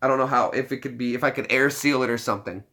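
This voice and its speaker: A man's voice: mid-range voice, very fast, bright, forceful tone. A young American man hosting a casual livestream chat, joking around, playing with words and laughing often. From United States. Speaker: livestream host.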